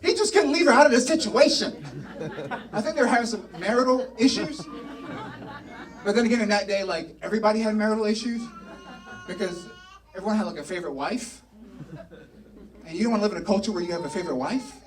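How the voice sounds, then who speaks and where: A male pastor preaches in a church, retelling a story with lively, joking asides to the congregation. His voice runs high and is picked up from some distance away. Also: quick pace, pauses often, some chatter behind. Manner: animated storytelling, playful asides. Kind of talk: sermon. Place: church sanctuary.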